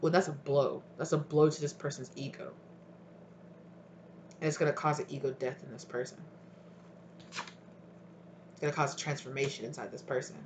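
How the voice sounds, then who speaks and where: A tarot reader giving a casual intuitive reading, chatty and acting out both partners' voices in quick back-and-forth. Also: medium pitch, little pitch movement, slight background noise.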